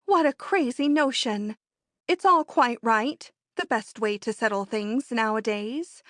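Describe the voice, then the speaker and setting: An excitable young society woman, voiced by a woman reading a storybook, bursts out in high, emphatic exclamations. Her voice sits well above an ordinary woman's register and is recorded close and dry. She comes across as bold and eager. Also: measured pace, no room sound. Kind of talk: audiobook character voice.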